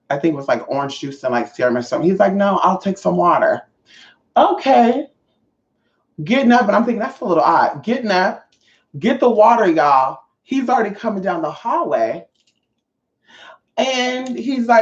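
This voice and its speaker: A young woman vlogger telling a profane, animated storytime monologue straight to her viewers. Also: fairly low pitch, normal speed. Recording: roomy, slightly dull audio.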